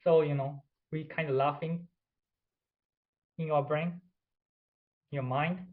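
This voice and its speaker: A man's voice: a little high, fairly even intonation, takes it slowly, narrow, tinny audio. A man whose first language is Japanese, giving a presentation lecture in non-native English and demonstrating pronunciation examples. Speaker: instructor.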